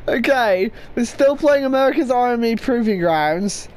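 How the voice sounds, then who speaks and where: Lively, swearing gamer woman. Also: on the high side, a little slow. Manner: loud, swearing, laughing often. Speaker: gaming video creator. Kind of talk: profane gameplay commentary.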